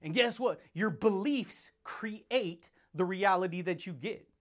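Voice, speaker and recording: Male podcast host, high voice, playful hype-man motivational delivery with lots of laughter. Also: slow. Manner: hyped, playful, laughs often, calls listeners baby and buddy. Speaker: podcast host, self-help speaker. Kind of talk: motivational monologue.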